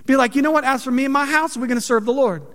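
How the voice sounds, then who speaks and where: Pastor guy preaching, talks high, joking around, echo of a big hall. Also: rapid-fire. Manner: conversational, joking, animated preaching. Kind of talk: sermon.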